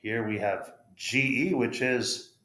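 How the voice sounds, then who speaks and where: With a medium-pitched, sharp-toned voice, an American man slowly teaches English pronunciation. The room echoes as he spells out letters and models every word with care.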